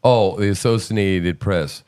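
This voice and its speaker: A man's voice: low voice, slow, a little mellow, smooth. A man hosting a podcast in a casual, sarcastic, incredulous commentary style. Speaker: podcast host.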